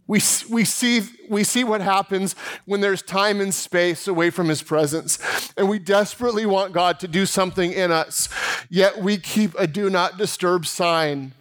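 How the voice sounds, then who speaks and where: A man's voice: high voice, normal speed, a bit bright. A male pastor preaching a sermon, telling a story in a chatty, self-deprecating way with laughs. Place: church.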